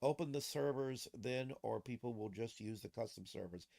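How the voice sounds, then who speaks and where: Gravelly, swearing male streamer. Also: medium pitch, moderate pace, a little mellow. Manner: profane, laughs a lot at his own jokes. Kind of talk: casual livestream commentary.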